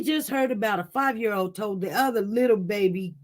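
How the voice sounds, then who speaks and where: A woman's voice: medium pitch, fairly quick, darkish tone. A woman hosting a casual livestream, talking straight to her viewers in an impassioned, repetitive way. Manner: impassioned, repetitive, talks directly to chat. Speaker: livestream news host.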